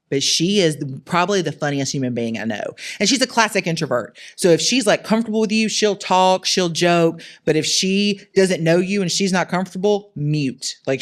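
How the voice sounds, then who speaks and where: A woman guest on a podcast interview, telling lively, jokey stories and poking fun at herself. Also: sits low. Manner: lively, jokey, self-mocking, acts out quotes. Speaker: entrepreneur guest. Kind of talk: animated storytelling in a podcast interview.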